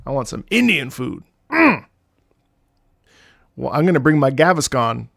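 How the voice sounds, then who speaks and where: A man in his late thirties chatting casually as a streamer reacting to game music, excitable and swearing freely as he jumps between topics. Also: mid-range voice, a little slow, gravelly, dry recording, studio quality. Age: late 30s. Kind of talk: casual rambling chat.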